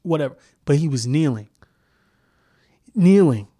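A man's voice: medium pitch, normal speed, warm tone, dry recording, studio quality. A man hosting a solo podcast, ranting heatedly and with heavy profanity, often restarting sentences as he searches for words. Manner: heated, profane, repeats himself. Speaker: podcast host.

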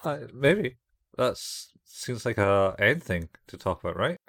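A man co-hosting a podcast in casual banter, dropping quick joking interjections and wry quips. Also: fairly low pitch, sing-song, a bit bright, no echo. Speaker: podcast co-host.

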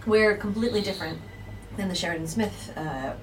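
A woman's voice: mid-range voice, a little fast, distant mic, a little hiss or hum, poor audio. An American woman in a casual interview, chatty and self-deprecating, laughing often. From United States. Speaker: musical theatre actress, interview guest.

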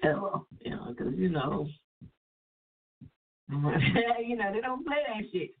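A sick woman hosts her call-in radio show in a loose, profane, chatty way. Her voice sits at an ordinary pitch for a woman. It comes through thin and phone-like, as if from a distance. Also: expressive, takes it slowly. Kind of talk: casual call-in radio talk.

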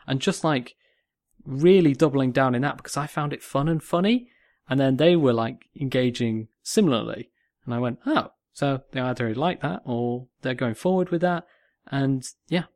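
A man's voice: mid-range voice, moderate pace, dry recording. Jokey man, dry sound. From North West England. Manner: jokey and animated, repeats phrases for emphasis. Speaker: podcast co-host. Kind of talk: casual podcast chat.

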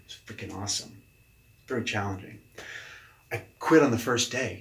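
Man, leadership coach, casual interview storytelling, lively, acts out dialogue, lowish voice, roomy echo. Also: normal speed. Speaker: leadership coach, podcast guest. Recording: echoey room.

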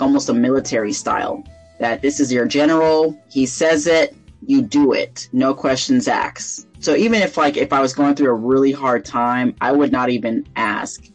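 A woman co-hosting a faith podcast, telling a personal story in casual chat and acting out the dialogue with lively laughter. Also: rumbling low, low-quality recording. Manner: animated storyteller who acts out quoted dialogue and laughs often. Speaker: podcast co-host.

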